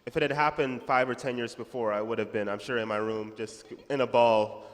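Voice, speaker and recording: A man speaking as a guest author at a festival panel, reflective and unhurried. His voice sits in a mid range. It carries a long reverberant tail from the hall. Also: mid-range voice. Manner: reflective, animated when retelling memories.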